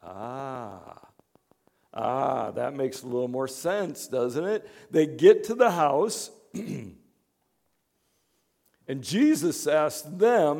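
A man pastor giving a conversational sermon, dropping to hushed asides and rising to emphatic points. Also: mid-range voice, animated, extremely slow, creaky, long pauses. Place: church in Chicago.

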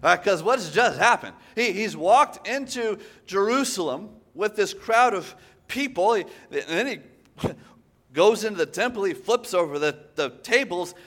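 Male pastor, high-pitched voice, animated conversational sermon delivery. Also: measured pace. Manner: animated, conversational, frequent "right?" asides.

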